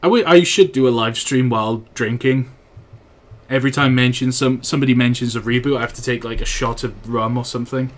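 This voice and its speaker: A man's voice: medium pitch, a little fast. A young man from Wales with a Welsh accent, chatting casually and teasing his viewers while live-streaming a train game from home on a desk microphone. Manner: chatty and teasing, answers chat messages.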